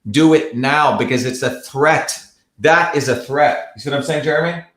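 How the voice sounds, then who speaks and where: A man's voice: fairly high pitch, moderate pace, a bit bright. Combative man hosting a heated livestream. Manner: combative, repetitive, blunt. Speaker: livestream host. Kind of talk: heated live commentary. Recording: echoey room.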